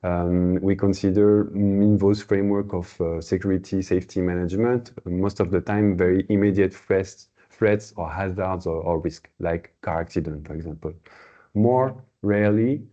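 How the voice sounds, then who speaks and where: A man hosting a webinar presentation, pausing often with fillers and restarting his sentences. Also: deep voice, fairly even intonation, mellow. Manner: hesitant, many fillers and restarts. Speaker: webinar host. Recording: slightly dull lo-fi webinar audio.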